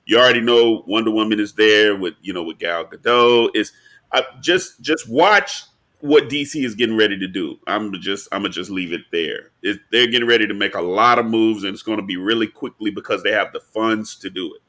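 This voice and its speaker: A man co-hosting a casual pop-culture podcast, explaining his points at length in an animated, slangy way. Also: on the low side, brisk. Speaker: podcast co-host.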